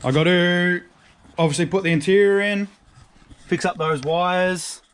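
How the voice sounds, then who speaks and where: A man, chatting casually as he works on a car in a garage, slangy and excitable. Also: high-pitched, unhurried, smooth. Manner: excitable, slangy, talks to his dog. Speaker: car restoration vlogger.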